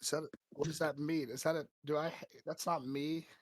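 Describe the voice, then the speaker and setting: Excitable laughing male player. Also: on the high side, normal speed, dry recording. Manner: excitable, laughing, restarting sentences. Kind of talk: casual tabletop role-play.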